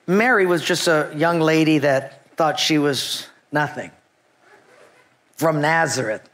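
A middle-aged man preaching a sermon, telling a personal story and acting out his own past thoughts with animated delivery. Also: on the high side, slow. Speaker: pastor.

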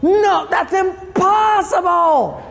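A man's voice: very high-pitched, animated, unhurried, big-room sound, a faint crowd, pitched above the performer's own voice, exaggerated voice. A man voicing a baffled man from the 1800s who exclaims in disbelief at everything. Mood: incredulous.

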